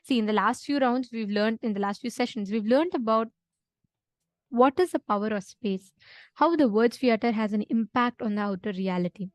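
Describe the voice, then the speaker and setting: An earnest woman teaching to a live online audience, with a fairly high voice. She explains step by step and keeps asking whether everyone follows. The sound is dry and close, with no room around it. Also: no room sound. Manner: earnest, explanatory, checks in with listeners often. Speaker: spiritual session instructor.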